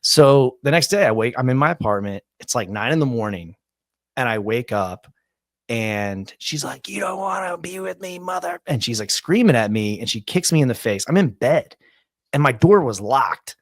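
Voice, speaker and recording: A man in his forties hosting a podcast, telling a long story in a rambling, animated, casual way. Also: medium pitch, normal speed, no echo, studio quality. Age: 40s. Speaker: podcast host.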